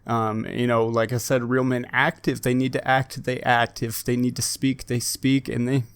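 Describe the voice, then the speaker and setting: A man's voice: mid-range voice, level tone, normal speed, smooth, no room sound. A man hosting his channel, giving emphatic, repetitive opinion commentary to camera with frequent restarts. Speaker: fitness channel host.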